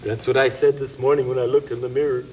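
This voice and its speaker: A man's voice: medium pitch, level tone, fast talker, mellow, dull audio, a little hiss or hum, close to an everyday voice. A man voicing a vain, melodramatic dragon puppet who moans and wails over his troubles. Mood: moaning. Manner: moaning, melodramatic wailing.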